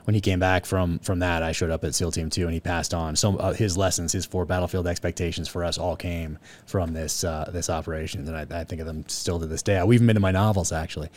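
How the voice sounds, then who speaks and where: A man's voice: deep voice, steady tone, quick pace, hardly any pauses, a little mellow. A middle-aged American man hosting a podcast, asking probing questions and giving short affirmations. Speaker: podcast host, veteran and author. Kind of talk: casual interview.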